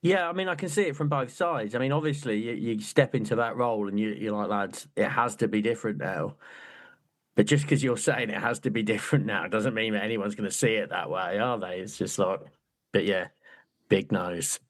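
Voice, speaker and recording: A man's voice: fairly low pitch, fairly quick. A man co-hosting a casual football book chat, joking and slipping into quoted voices. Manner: jokey, puts on quoted voices. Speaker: podcast co-host.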